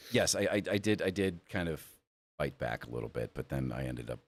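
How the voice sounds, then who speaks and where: A man's voice: extremely low pitch, lively intonation, moderate pace. An American man hosting a casual podcast chat, laid-back, swearing and laughing often. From United States. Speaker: podcast host.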